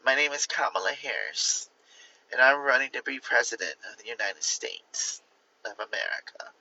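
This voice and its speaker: A man's voice: medium pitch, sing-song, moderate pace, sharp tone, husky, dull audio, full character voice. A man doing a comic impression of a middle-aged woman politician, delivering an earnest, rambling stump speech.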